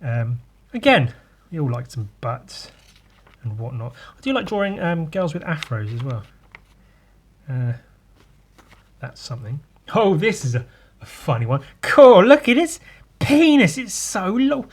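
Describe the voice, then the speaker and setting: A man's voice: medium pitch, breathy edge. A man hosting a podcast in casual chat, joking crudely and rambling as he talks. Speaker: host.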